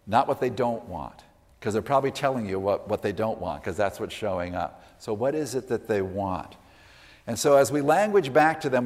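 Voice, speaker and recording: In a reverberant hall, a man with a mid-range voice teaches a workshop on listening. He speaks gently and in a measured way, often letting his voice drop quietly at the ends of phrases.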